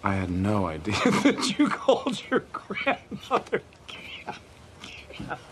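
An actor playing a self-serving male boss who makes drawn-out, smug announcements. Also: fairly low pitch, wildly swooping pitch, very noisy, exaggerated voice. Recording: film audio with music behind.

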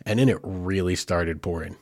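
A man's voice: deep voice, normal speed, a little mellow, no echo, studio quality. A man, a father, telling a family story in a casual, rambling way with lots of fillers. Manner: rambling, chatty, with many fillers like "like" and "you know".

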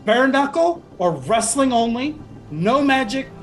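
A man voicing a brisk female ship officer who speaks crisply and with command, relishing the challenge. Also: very high voice, sing-song, soft background music, voice pushed up, full character voice. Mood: challenging.

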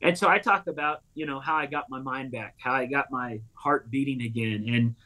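A man in his thirties, a pastor and author, telling a personal story in an interview with earnest, animated quoted dialogue. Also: mid-range voice, a little fast.

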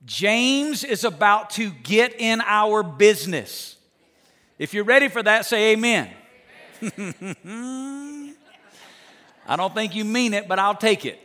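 Male preacher, higher register, bright edge; dynamic sermon delivery, loud to hushed. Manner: joking asides with the congregation. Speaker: pastor.

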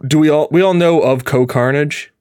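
A man hosting a podcast, chatting in a rambling, animated way and laughing often. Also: a little high, normal speed, smooth, no room sound, studio quality. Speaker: podcast host. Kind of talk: casual chat.

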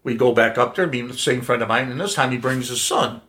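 A man's voice: medium pitch, fairly even intonation, a little fast, fairly bright tone. A middle-aged man telling a story casually to family, with a playful, laugh-prone manner. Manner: laughs often, playful prankster. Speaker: guest storyteller.

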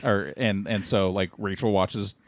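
Gravelly-voiced man rambling in chat. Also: on the low side, fairly even intonation, a little slow, dry recording. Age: older. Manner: rambling, loses his train of thought. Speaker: podcast co-host. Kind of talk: casual chat.

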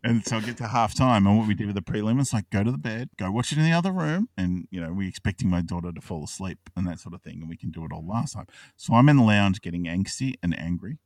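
A man in his thirties with an Australian accent, an excitable podcast co-host who tells a long story, swears and laughs often. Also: on the low side, fast talker, dry recording, far from the mic. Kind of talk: casual chat.

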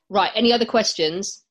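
This is a podcast host running a loose panel discussion. The voice sits in a middle pitch, and the host teases the guests and laughs easily. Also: a bit bright, breathy edge. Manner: laughs often, teasing. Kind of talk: casual panel chat.

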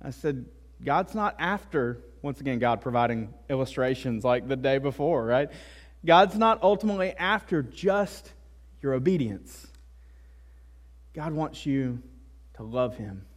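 A man's voice: medium pitch, expressive, a little slow. A male pastor delivering a sermon in a conversational way, with frequent asides and tag questions. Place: church.

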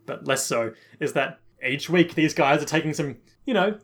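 A man's voice: fairly high pitch, expressive, moderate pace. Laughing man hosting a podcast segment. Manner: laughs often, dry quips, leads segments. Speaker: podcast co-host. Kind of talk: casual chat.

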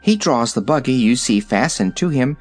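A curious young girl talks plainly and directly, read by a man in his own voice, with a lively swing to her lines in a storybook reading. Faint music hums under it. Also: mid-range voice, moderate pace, close to an everyday voice.

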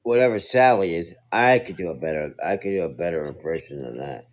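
A man's voice: deep voice, fairly quick, dry recording. Laid-back man saying dude a lot. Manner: laid-back, says "dude" constantly, argues playfully. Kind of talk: casual comedy banter. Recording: dull dry lo-fi sound.

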